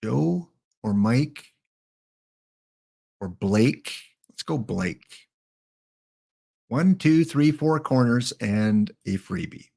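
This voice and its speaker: A man's voice: mid-range voice, lively intonation, extremely slow, creaky, pauses often, darkish tone. A man hosting a live game stream, thinking aloud as he picks players and chatting to his viewers. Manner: thinks aloud while picking cards, mutters names; chatty asides to chat viewers. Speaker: livestream host. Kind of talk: live gameplay commentary.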